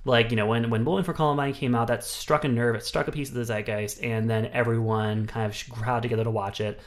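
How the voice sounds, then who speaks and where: A man co-hosting a casual film-review podcast, talking in an animated, profane way and slipping into mocking mimicry. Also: mid-range voice, quick pace. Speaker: podcast co-host.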